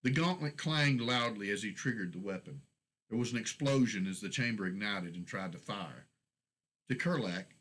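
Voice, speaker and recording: A man reading his own fantasy short story aloud in a steady, measured storybook narration. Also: sits low, slightly rough, low-quality recording.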